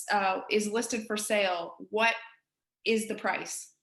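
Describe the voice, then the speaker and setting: A woman's voice: medium pitch, steady tone, slow, fairly bright tone. Woman, East Coast Canadian accent, casual hands-on tutorial, direct and chatty, echoey room. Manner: chatty, direct, addresses listeners as guys. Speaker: real estate agent teaching colleagues.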